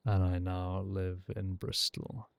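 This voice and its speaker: Slow-talking man, faded South Welsh accent. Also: deep voice, completely flat delivery, gravelly, clear, resonant tone, no echo. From South Wales. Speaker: streamer playing a sheriff. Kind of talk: casual roleplay chat.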